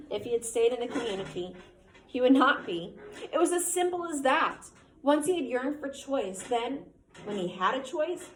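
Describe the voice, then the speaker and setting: A woman reading a novel aloud to a student in a steady, even way, now and then stopping to ask questions. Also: high-pitched, a little hiss or hum. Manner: reads steadily, stops to quiz the listener. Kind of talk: classroom read-aloud of a novel. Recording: echoey room, faint ambience.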